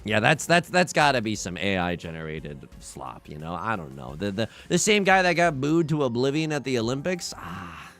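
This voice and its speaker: A man streaming a mahjong game, chatting in a rambling, excitable way and shouting when the game turns. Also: on the low side, moderate pace, few pauses, faint music behind. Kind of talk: livestream commentary over a mahjong game.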